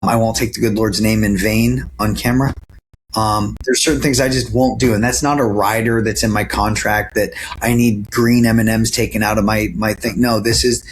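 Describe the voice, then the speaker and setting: A man's voice: fairly low pitch, steady tone, moderate pace, a little hiss or hum. Earnest rambling man on a video call. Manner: earnest, rambling with many fillers and restarts. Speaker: actor and guest. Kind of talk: casual interview chat. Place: home, sitting near a camera.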